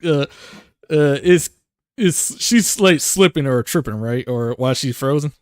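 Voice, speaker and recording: A man's voice: medium pitch, animated, unhurried, clear, resonant tone, no room sound, studio quality. A man playing a tabletop game live, narrating in a rambling way full of fillers.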